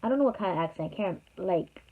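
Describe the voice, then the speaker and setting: A young woman in her bedroom, telling a childhood story to her vlog audience in a chatty, animated way with joking asides. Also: on the low side, fast talker. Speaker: YouTuber. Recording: tinny phone-like sound.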